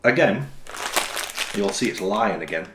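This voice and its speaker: A man co-hosting a podcast, opinionated and wry, telling stories in a relaxed chat. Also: on the low side, measured pace, background noise. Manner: opinionated, wry, lively storyteller. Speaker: podcast co-host. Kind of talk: casual chat. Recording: roomy echo.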